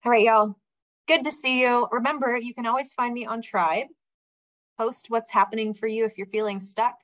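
A woman's voice: a little high, steady tone, moderate pace, a bit bright, no echo, highs cut off. A woman coaching a group on a video call, direct and encouraging as she guides a participant.

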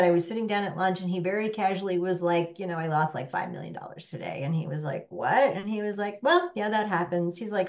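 Woman, business coach, animated, conversational, workshop talk, dull lo-fi recording. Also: medium pitch. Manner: animated, conversational, peppered with "right?".

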